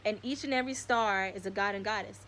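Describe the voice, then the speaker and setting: A young woman hosting a spiritual live stream, speaking in an excitable, slangy way and swearing often. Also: mid-range voice, fast talker, a little hiss or hum.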